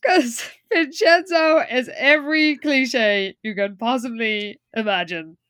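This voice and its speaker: A woman co-hosting a podcast, retelling a show in animated, giggly casual chat. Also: fairly high pitch, slow, clear, resonant tone, no echo, clean studio sound. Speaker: podcast co-host.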